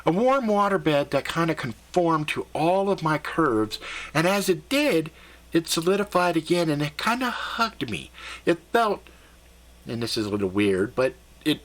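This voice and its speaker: A man telling a first-person story in a conversational, animated and slightly profane way. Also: fairly high pitch, a little slow.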